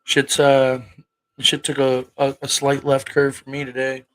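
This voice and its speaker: A man's voice: medium pitch, completely flat delivery, a little slow, rough recording. A man in his thirties hosting a casual livestream, rambling and cursing bluntly as he talks to his viewers. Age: 30s. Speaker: livestream host.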